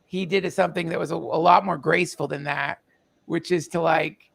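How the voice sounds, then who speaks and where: A man telling a personal story in casual conversation, halting and emotional, with many restarts and fillers. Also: on the high side, steady tone, creaky, a bit bright. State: tearful.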